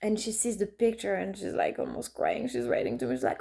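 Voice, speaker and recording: Woman, thirties, heavy vocal fry, warm dark tone, rambling chatty storytelling. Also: fairly high pitch, sing-song, moderate pace. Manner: chatty, full of fillers and restarts. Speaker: artist and vlogger. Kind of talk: casual storytelling monologue.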